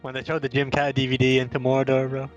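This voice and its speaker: Fast-talking young man joking. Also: medium pitch, completely flat delivery, lo-fi sound, faint music behind. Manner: quick, jokey, swearing. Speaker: podcast co-host. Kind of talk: casual chat among friends.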